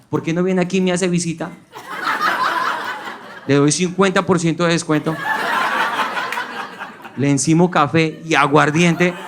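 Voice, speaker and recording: A man's voice: a little high, lightly acted. A man with a Colombian accent voicing his scolding, incredulous Colombian mother. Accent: Colombian Spanish. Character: older Colombian mother, woman, scolding and practical. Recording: live stage set with audible crowd noise.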